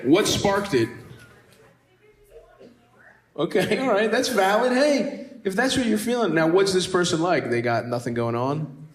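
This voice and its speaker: A man's voice: high voice, lively intonation, moderate pace. A male stand-up comedian doing crowd work on stage, teasing and bantering with the audience in a brash, profane way. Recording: echoey room with loud crowd noise.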